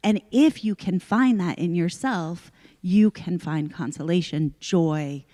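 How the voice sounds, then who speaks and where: Mellow, low-voiced earnest woman. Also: slow pace. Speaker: class participant. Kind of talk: reflective class discussion. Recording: reverberant hall.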